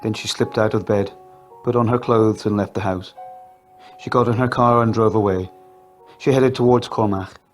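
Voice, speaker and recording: Man calmly narrating a ghost story. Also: lowish voice, moderate pace, long pauses, soft background music. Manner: quiet, steady storytelling. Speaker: audio story reader. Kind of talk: scripted narration.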